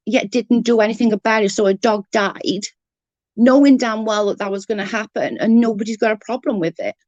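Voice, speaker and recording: On a casual livestream, a woman with a fairly high pitch and darkish tone talks a little fast, with no echo. Exasperated, she rants, swears freely and reads and answers comments from chat.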